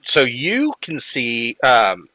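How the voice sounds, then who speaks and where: A man narrating a tabletop game as game master in a relaxed, halting way. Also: mid-range voice, rough recording. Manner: relaxed, halting, with fillers and chuckles.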